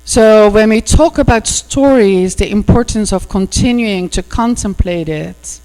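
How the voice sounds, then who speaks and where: This woman minister's voice is warm, medium in pitch, and a little slow as she preaches a sermon and tells a fairy tale in a chatty, storytelling way peppered with "you know." Mains hum and echo fill the church hall recording.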